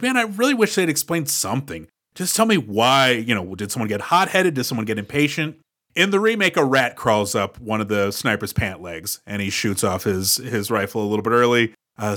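A man's voice: medium pitch, pushed and bright. A man co-hosting a podcast in casual chat, analyzing a film's plot in a chatty way. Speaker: podcast co-host.

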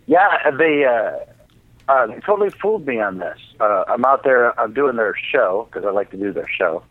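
A man's voice: medium pitch, normal speed, no echo. A man, the guest, telling a casual, profane story with lots of restarts. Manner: animated, profane, many restarts. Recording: tinny phone-like, dry sound.

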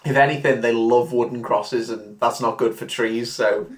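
A man's voice: medium pitch, steady tone, normal speed. A man co-hosting a comedy podcast, adding dry quips and laughing along. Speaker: podcast co-host. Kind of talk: comedic film recap chat. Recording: roomy echoey room.

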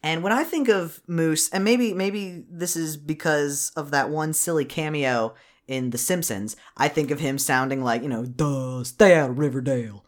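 A man co-hosting a podcast, recapping a movie in rambling, profane casual chat. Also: a little high. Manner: rambling, profane, animated, quick bursts.

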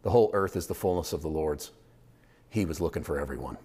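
A man preaching a sermon at a church service, impassioned and shifting from quiet intimacy to loud shouting. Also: rumbling low, quick pace, slightly rough.

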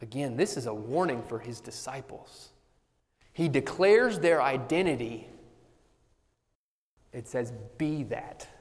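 A man preaching a sermon as pastor, earnest and emphatic, with bursts of animated humor. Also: mid-range voice, slow pace, long pauses, in a large hall.

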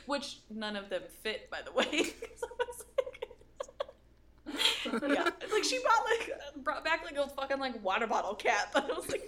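A woman's voice: fairly high pitch, sing-song, fairly quick, fairly bright tone, slight background noise. A young woman co-hosting a podcast, telling a story in a rambling, casual way, laughing often and swearing freely. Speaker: podcast co-host.

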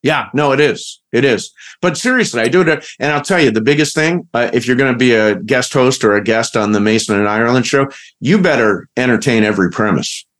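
A man's voice: medium pitch, a little fast, few pauses, a bit bright. A man hosting a podcast, playful and joking in a casual, rambling chat. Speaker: podcast host.

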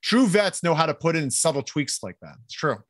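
A man's voice: a little high, big pitch swings, fairly quick, dry recording, studio quality. A man co-hosting a casual show, reading live chat comments and joking around with many fillers. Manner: rambling, joking, lots of fillers. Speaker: podcast co-host.

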